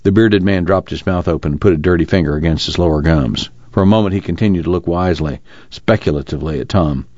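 A man narrates an audiobook in a steady, measured way. His voice is very deep. The recording is dry and a little dull. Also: no echo. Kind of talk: scripted narration.

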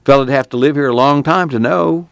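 A man voicing a weary older farmer father, speaking in slow, resigned rural dialect. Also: mid-range voice, gravelly, dry recording, studio quality, voice pushed up, close to an everyday voice.

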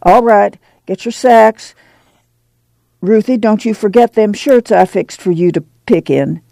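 A man's voice: high-pitched, unhurried, vocal fry, mellow, no echo, clean studio sound, voice pushed up. A man voicing a weary, determined farm mother who gives firm orders in plain rural dialect. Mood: firm, urging.

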